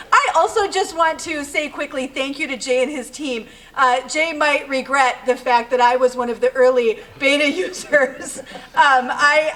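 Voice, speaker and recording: A woman speaks at a podium in a somewhat high voice, earnest and thankful. She talks plainly, now and then restarting a phrase. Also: a bit bright, low-quality recording. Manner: earnest, grateful, with small restarts. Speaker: speaker at a civic event. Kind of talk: public remarks at a podium.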